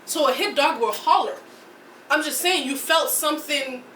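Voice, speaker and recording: A woman co-hosts a podcast, chatting in a gossipy, casual way about reality TV and rambling with frequent restarts. Her voice sits high and sounds pushed and bright at a normal speed. The recording is roomy with a distant mic and slight background noise.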